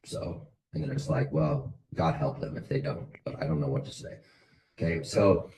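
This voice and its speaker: A man with a deep, low voice leads his sales team on a video call. He talks bluntly and motivationally and keeps hammering the same points. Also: sing-song, normal speed, gravelly, darkish tone, poor audio.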